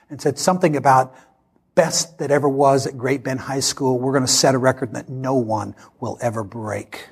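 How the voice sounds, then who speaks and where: A man in his sixties preaching a sermon, telling a personal story in an animated way and acting out the dialogue. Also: medium pitch, slightly rough. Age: 60s.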